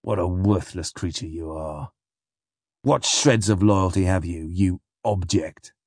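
A man voicing a gruff, menacing middle-aged sea captain who growls and sneers. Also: fairly low pitch, normal speed, a little mellow, no echo, clean studio sound, close to an everyday voice. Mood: scornful.

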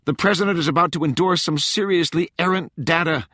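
A man reading an audiobook, voicing a frantic young woman intelligence officer in a high, pleading, insistent voice. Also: brisk, pushed and bright, dry recording, clean studio sound. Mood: urgent.

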